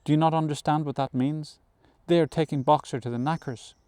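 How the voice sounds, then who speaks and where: A man's voice: fairly high pitch, steady tone, brisk, clean tone, dry recording, lightly acted. A man doing Benjamin, a grim old donkey. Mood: alarmed. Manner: urgent shouted warnings. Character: old cynical male donkey, grim and blunt.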